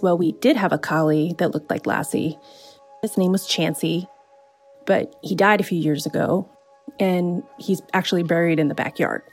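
A woman telling a true spooky story in the first person, in a relaxed, conversational way with casual fillers. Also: on the low side.

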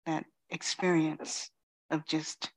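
A Zen teacher from Queens, New York, a woman in her fifties, gives a reflective, unhurried dharma talk. She speaks slowly in a low voice with little pitch movement, pausing often and filling gaps between thoughts with many "you know"s.

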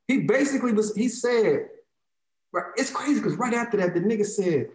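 A man in his thirties with an African American Vernacular English accent rants in casual talk, heated, profane and emphatic, repeating lines to drive his point home. His expressive voice sits high at a normal speed, and the low-quality recording sounds roomy.

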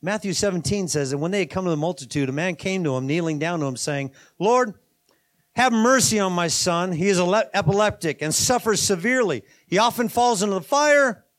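A man with a notably high voice delivers a sermon. He slips between casual asides and emphatic, driving preaching. He sounds middle-aged. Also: fairly bright tone. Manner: conversational preaching, rising to emphatic bursts, asides and laughs. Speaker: pastor.

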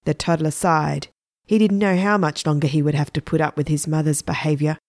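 Low-pitched woman reading a children's story. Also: steady tone, fairly quick, darkish tone, dry recording, studio quality.

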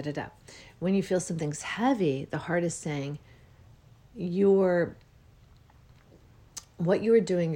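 A woman with a slightly low voice hosts her own podcast, speaking in a loose, rambling way. She is soft-spoken and unhurried, pausing and restarting often. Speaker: podcast host. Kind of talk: casual spiritual monologue.

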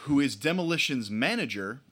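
A man's voice: medium pitch, expressive, normal speed, a bit bright, breathy edge. A man co-hosting a podcast in casual chat, wry and joking, laughing often. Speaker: podcast co-host.

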